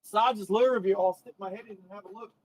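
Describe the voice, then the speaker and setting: A man's voice: sits high, steady tone, fairly quick. A middle-aged Australian man chatting casually on a live stream from a parked car on an outback roadside, rambling and cutting himself off mid-thought. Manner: chatty, rambling, self-interrupting. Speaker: live-stream driving host.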